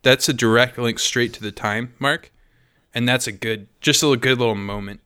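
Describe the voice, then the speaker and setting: A man's voice: mid-range voice, normal speed, pushed and bright, smooth. A man co-hosting a podcast, making laid-back, profane comments in casual chat. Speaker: podcast co-host.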